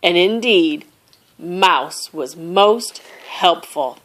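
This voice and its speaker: Slow, expressive woman reading a storybook. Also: fairly low pitch. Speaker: storybook reader. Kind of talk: children's read-aloud.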